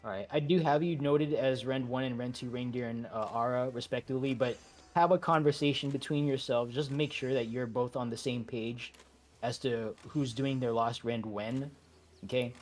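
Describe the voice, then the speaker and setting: Leading a game raid over voice chat, a man with a medium-pitched voice talks in a relaxed, halting way. He often restarts and leans heavily on fillers.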